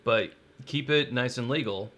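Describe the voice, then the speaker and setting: A laid-back man co-hosting a live show, chatting in a loose, rambling way. He jokes easily and his pitch sits in an ordinary middle range. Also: normal speed, a bit bright. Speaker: co-host. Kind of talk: casual chat on a live stream.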